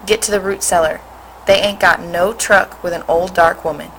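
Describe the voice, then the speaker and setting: A woman's voice: fairly low pitch, steady tone, moderate pace, fairly bright tone, slight background noise, low-quality recording. A woman voicing a protective older woman in a storybook, giving firm, urgent instructions.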